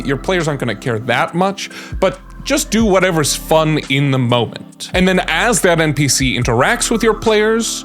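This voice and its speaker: A man hosting a tutorial about running tabletop games, explaining things in a relaxed, conversational way. His voice sits at an average pitch. Soft music runs faintly underneath. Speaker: game master and video host.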